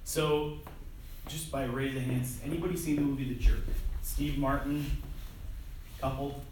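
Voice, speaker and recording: A man's voice: medium pitch, fairly even intonation, unhurried. A man preaching a sermon in a church hall, conversational and self-deprecating, with frequent restarts. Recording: echoey hall from far off, faint noise.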